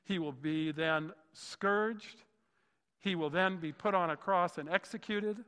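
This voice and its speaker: A man's voice: sits high, slow, pushed and bright, clear, resonant tone. A man preaching a sermon as a pastor, enthusiastic and often exclaiming in wonder. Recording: long reverb of a large hall.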